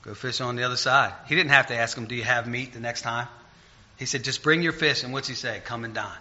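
A man preaching an informal sermon in a conversational way, getting loud and emphatic when he retells stories. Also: mid-range voice, steady tone, quick pace, dull audio.

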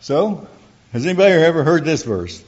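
A man's voice: a little high, sing-song, normal speed, a little mellow, breathy edge. A middle-aged man telling a folksy church testimony to an audience, acting out the people he quotes. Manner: folksy storytelling, acts out quoted dialogue. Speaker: church speaker giving a testimony. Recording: dull lo-fi recording.

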